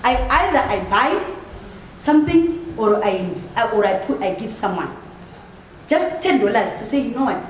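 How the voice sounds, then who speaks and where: A woman's voice: a little high, animated, measured pace, slight background noise. A woman earnestly preaching to a group about giving. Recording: very echoey hall, distant mic.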